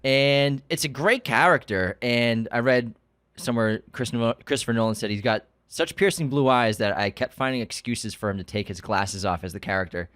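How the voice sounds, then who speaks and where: A man co-hosting a podcast who runs through career facts and dates in a steady, matter-of-fact way during a casual chat. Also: medium pitch, normal speed, clear, resonant tone, no echo, clean studio sound. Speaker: podcast co-host. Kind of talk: casual film discussion.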